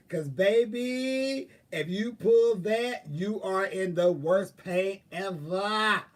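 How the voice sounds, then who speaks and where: A high-voiced man, far from the mic, hosts a livestream where he chats casually with viewers. He laughs in bursts while telling sassy, profane stories and gives them frank advice.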